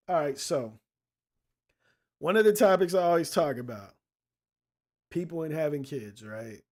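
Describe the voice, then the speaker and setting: Man, podcast host, casual monologue, blunt and profane, street slang, slightly higher voice. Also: unhurried, darkish tone.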